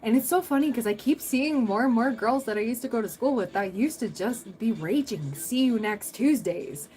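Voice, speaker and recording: A woman's voice: a little high, expressive, fairly quick, darkish tone, faint music behind, rough recording. Young woman chatting on a livestream, laughs a lot, rambles through stories. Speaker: tarot livestream host. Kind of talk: casual livestream chat with viewers.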